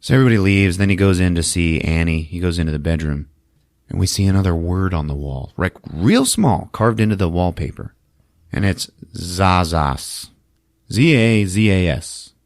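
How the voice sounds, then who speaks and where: A man's voice: low voice, lively intonation, normal speed, no echo, studio quality. A man hosting a podcast, recapping a movie in a loose, profane, chatty way full of fillers. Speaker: podcast host.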